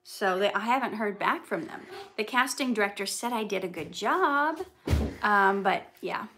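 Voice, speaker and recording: A young actress hosting a casual livestream, chatting and reading viewer comments aloud. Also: female voice, mid-range voice, expressive, moderate pace, background noise. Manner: chatty, reads viewer comments aloud, breaks off to soothe a child.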